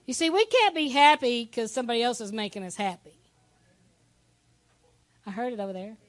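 Lady pastor preaching, high voice, dry close sound, chatty with the crowd. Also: no echo. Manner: lively, conversational preaching with asides to the congregation. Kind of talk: sermon.

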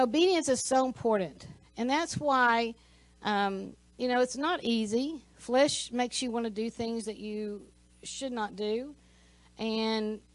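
A woman's voice: a little high, no echo, rough recording. A woman teaching a Sunday school class, telling a personal story in a conversational way with many asides. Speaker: church teacher.

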